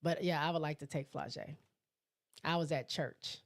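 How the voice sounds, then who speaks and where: Woman, low voice, live-stream host, casual chatty replies, keeps clearing her throat. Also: fairly even intonation, moderate pace. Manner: chatty, reacts to each comment. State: throat irritation, clears throat often. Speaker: live show host reading viewer comments.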